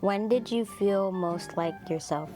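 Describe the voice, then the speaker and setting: A woman co-host reads out interview questions in a measured, deliberate manner, taking her time over each one. Her pitch is middling, with faint guitar music playing behind her. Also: darkish tone.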